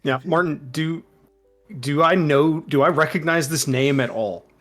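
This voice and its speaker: Casual male player, easygoing, somewhat high voice. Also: measured pace, fairly bright tone, faint music behind. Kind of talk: casual game chat.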